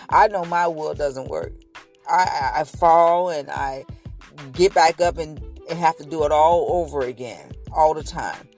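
A woman's voice: low-pitched, unhurried, a little mellow, faint music behind. A woman in her fifties sharing a faith testimony in a casual vlog, earnest and emotional, often repeating herself.

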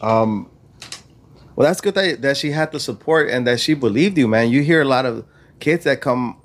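A man hosting a podcast, asking gentle, probing questions padded with fillers. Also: mid-range voice, lively intonation, normal speed. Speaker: podcast host. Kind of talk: interviewing a guest.

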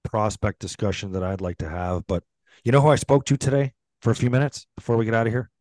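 A middle-aged man, a former hockey player hosting a podcast, telling a profane, animated story and acting out the quotes. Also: lowish voice, fast, no echo. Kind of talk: casual storytelling chat.

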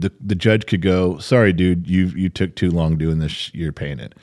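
A middle-aged man hosting a podcast, telling a story in casual chat, animated and profane, acting out the people he quotes. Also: sits low, moderate pace. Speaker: podcast host.

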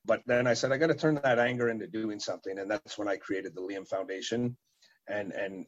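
Husky low-voiced father, halting speech. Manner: halting, many fillers and repeated words. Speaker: guest, event organizer and parent. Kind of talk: unscripted interview answers. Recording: dull lo-fi sound.

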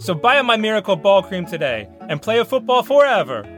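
Comic ad spot: man doing a vain Italian football legend, Italian accent, voice pitched a little high. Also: big pitch swings, brisk, a bit bright, soft background music. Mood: boastful. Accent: put-on Italian. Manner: hammy broken-English sales pitch. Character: vain aging Italian football star selling cream.

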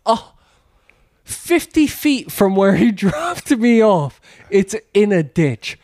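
A man's voice: high voice, sing-song, takes it slowly, darkish tone, dry recording, clean studio sound. A man telling a rambling story in casual chat, swearing, laughing and acting out what people said. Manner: swearing, laughing, acts out quotes.

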